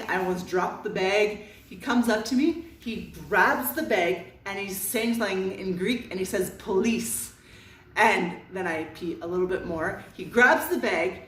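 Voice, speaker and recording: A woman in her thirties from Canada telling a comic personal story, animated and self-mocking, with dramatic pauses. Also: mid-range voice. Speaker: vlogger. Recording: roomy sound from a distance.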